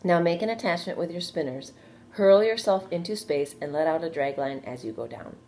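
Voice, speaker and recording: A woman voicing a wise, patient female spider in a storybook read-aloud, speaking calmly and gently instructing. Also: on the low side, normal speed, natural voice.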